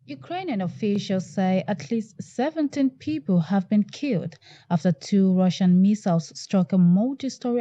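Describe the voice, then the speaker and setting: A woman reporter reading a scripted news voice-over in a measured, formal way. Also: medium pitch, mellow, dry recording, dull audio.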